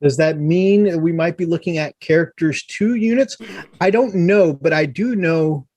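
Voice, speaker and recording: A man's voice: fairly high pitch, measured pace, a little mellow, dry recording, muffled recording. A man co-hosting a casual gaming live stream, explaining game stats and rules step by step. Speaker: co-host of a tabletop gaming live show.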